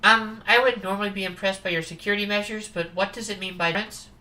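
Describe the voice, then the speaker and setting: A woman's voice: mid-range voice, steady tone, fast talker, bright, forceful tone, poor audio. A woman streamer reading a dating sim aloud, chatty with amused asides.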